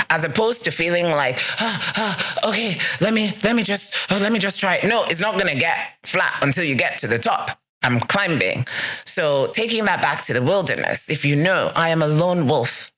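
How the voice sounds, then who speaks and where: A woman's voice: deep voice, bright, forceful tone. A woman hosting a solo podcast, talking earnestly and emphatically, repeating key phrases as she gives encouragement to listeners. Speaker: podcast host. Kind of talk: solo motivational podcast talk.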